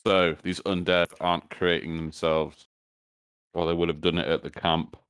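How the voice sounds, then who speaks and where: A man's voice: deep voice, flat delivery, moderate pace, fairly bright tone, smooth, dry recording, clean studio sound. A man running a tabletop game as dungeon master, chatting casually, swearing freely and joking about character voices.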